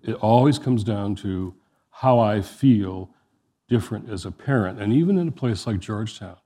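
A man hosting a podcast who reads a measured scripted introduction and then talks in conversation. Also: lowish voice, expressive, dark tone. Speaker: podcast host.

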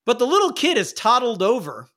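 A man runs a tabletop game, his voice high for a man and swinging widely in pitch. He narrates in a playful way and laughs easily. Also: huge pitch swings, a little fast, bright, forceful tone. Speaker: game master.

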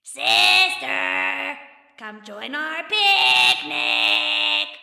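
A woman's voice: sits high, big pitch swings, extremely slow, vocal fry, bright, forceful tone, no echo, studio quality, pitched above the performer's own voice, heavily acted. A woman voicing a big, sly male goblin that taunts and wheedles in a storybook reading. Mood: taunting.

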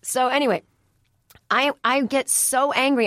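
Recorded dry on a studio microphone, a woman with a fairly low voice talks a little fast. She hosts a casual solo podcast, chatting in a rambling way with sarcastic remarks along the way.

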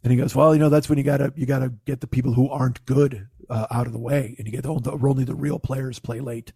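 A man's voice: mid-range voice, fairly even intonation, fast, vocal fry, dark tone, breathy edge, no room sound, clean studio sound. A man telling a casual, profane story in his own voice. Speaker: podcast host telling a story.

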